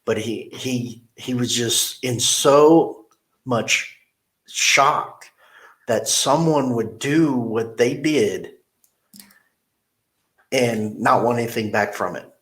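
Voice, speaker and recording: A man's voice: mid-range voice, slow pace, long pauses. A middle-aged man, a car dealership manager, telling a story in an interview and acting out the quotes in it. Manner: animated storyteller who acts out quotes.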